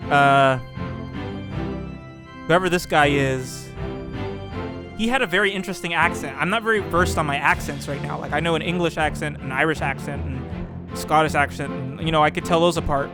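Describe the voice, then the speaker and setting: A man records casual let's play commentary, reasoning out loud in loose, rambling sentences full of fillers. His voice sits a little high, with music playing clearly behind it. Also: normal speed. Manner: thinking aloud, rambling with fillers and restarts. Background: background music.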